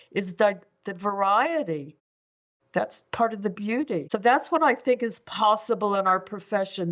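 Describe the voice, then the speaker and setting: A woman's voice: mid-range voice, a bit bright. An older woman from England speaking as a podcast guest, reflective and prone to repeating words as she searches for them. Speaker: guest, five element acupuncturist. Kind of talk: conversational podcast interview.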